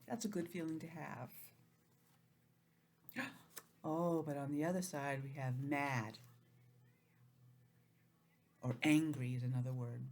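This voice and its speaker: A woman teaching an online lesson to young children, gentle and expressive, acting out feelings in a sing-song way. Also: extremely low pitch, slow pace, long pauses, a little hiss or hum. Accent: New England.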